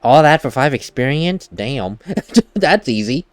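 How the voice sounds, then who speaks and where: A man's voice: medium pitch, expressive, measured pace, dry recording. A man giving casual gameplay commentary as a let's play host, chatty and laughing at himself, at a desk mic at home.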